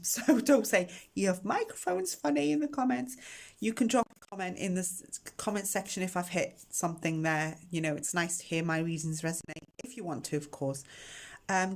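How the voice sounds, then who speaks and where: A woman's voice: mid-range voice, darkish tone. A woman hosting a casual tarot reading to camera, chatty and emotional as she talks directly to her viewers, recorded indoors on a camera microphone. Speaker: tarot reader and channel host.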